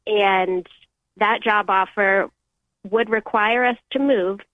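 A woman's voice: mid-range voice, steady tone, no echo. Earnest young woman on a phone line. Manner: earnest, halting, emotional. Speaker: caller. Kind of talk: telling a personal faith story on a call-in show.

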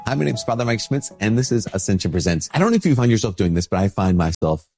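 A priest with a stuffy nose from a cold, giving an informal spoken reflection with many restarts. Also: male voice, fairly low pitch, very animated, quick pace, a little mellow, faint music behind.

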